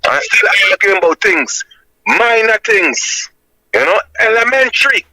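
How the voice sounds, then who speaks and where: A Jamaican man with a high, bright, forceful voice reasons like a preacher, driving each point home with insistent emphasis. The sound is dry and close, with no room around him. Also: animated, measured pace, vocal fry, dry recording, low-quality recording. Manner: emphatic and insistent, repeating "my lad" as a tag.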